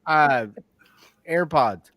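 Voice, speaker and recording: A man's voice: fairly high pitch, extremely slow, a bit bright. A man co-hosting a casual podcast chat, blunt and swearing freely, laughing often. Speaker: podcast co-host. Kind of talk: casual banter.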